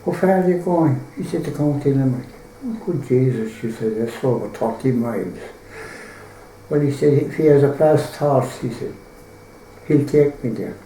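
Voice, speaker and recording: A man's voice: mid-range voice, moderate pace, dark tone, echoey room, slight background noise, rough recording. An Irish man telling a folk tale in a rambling, colloquial way, full of swearing. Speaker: storyteller.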